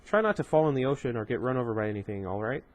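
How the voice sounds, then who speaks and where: A man voicing a mysterious teenage girl who speaks in a calm, matter-of-fact, teasing way. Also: medium pitch, very fast, lo-fi sound, lightly acted. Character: cool mysterious teen girl, guarded, teasing.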